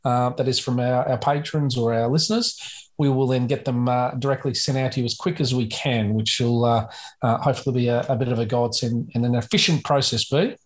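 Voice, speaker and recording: A man co-hosting a podcast in casual chat. He talks at an unhurried pace, pausing often and filling the gaps with "uh". His delivery is loose and conversational. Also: mid-range voice, steady tone. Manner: slow, halting, many "uh" fillers. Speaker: podcast co-host.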